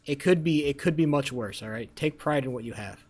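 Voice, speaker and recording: A man's voice: medium pitch, a little fast, soft background music. A man livestreaming, telling a rambling story and teasing his chat. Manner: animated, profane, rambling storytelling.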